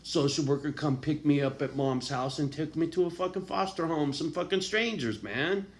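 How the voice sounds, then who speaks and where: A male vlogger delivers a raw, confessional monologue at a moderate pace, swearing nonstop and lurching between quiet, low talk and loud, angry outbursts.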